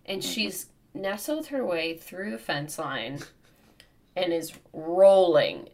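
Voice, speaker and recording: A woman in her thirties co-hosting a podcast, telling a comic story in an animated, profane way. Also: fairly low pitch, slow, vocal fry. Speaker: podcast co-host. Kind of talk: casual storytelling chat.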